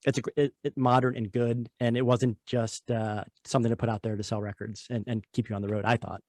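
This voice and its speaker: A man's voice: medium pitch, flat delivery, fast, a little mellow, no room sound. Man asking casual interview questions, dry sound. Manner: rambling, restarts phrases while praising. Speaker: podcast host.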